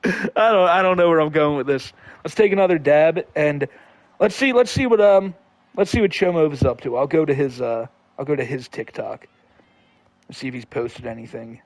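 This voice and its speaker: A man's voice: a little high, normal speed. A man hosting a livestream, reading viewer comments in a rambling, profane, laid-back way. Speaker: livestream host.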